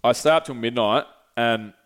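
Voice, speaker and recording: This young man hosts a podcast and spins a long travel tale on his own, loose and full of swearing. His medium-pitched voice moves at a normal speed, and the rambling anecdote is packed with fillers.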